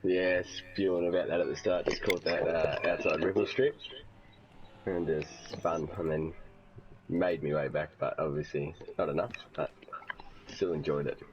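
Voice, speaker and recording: A man's voice: a bass voice, fairly even intonation, normal speed, a little hiss or hum. A man with an Australian accent, a racing driver talking about his race in a laid-back, plain way. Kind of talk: casual post-race interview. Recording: dull lo-fi voice chat.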